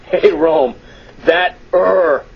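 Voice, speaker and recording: A brash radio talk show host with a slightly high voice, amused and mock-exasperated as he reads listener emails. The sound is dull and lo-fi, like an old radio broadcast. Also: extremely slow, vocal fry, husky. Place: radio studio.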